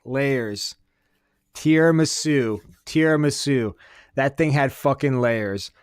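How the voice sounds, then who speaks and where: Male podcast host, smooth clear voice, dry close sound, profane rambling rant with sarcastic asides. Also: medium pitch, slow pace, no echo. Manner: swings between loud outbursts and muttered asides. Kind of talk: casual comedic rant.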